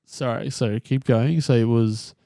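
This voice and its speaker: A man's voice: medium pitch, steady tone, moderate pace, warm tone, no room sound, studio quality. An easygoing man who chuckles a lot while co-hosting a casual podcast. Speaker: podcast co-host. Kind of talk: casual chat.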